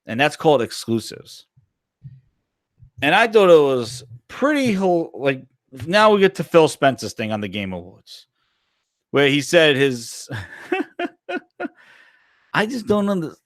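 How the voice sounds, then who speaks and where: A man's voice: fairly high pitch, no echo, clean studio sound. A man hosting a casual gaming live stream, rambling and swearing as he answers chat. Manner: animated, profane, rambling.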